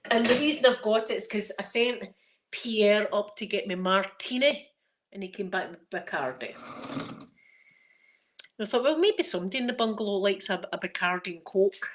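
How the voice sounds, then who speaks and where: A woman's voice: medium pitch, animated, moderate pace, a little hiss or hum. A Scottish woman chatting casually while showing viewers around her home, rambling and laughing often, on a phone she carries around. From Scotland. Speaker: ASMR channel host.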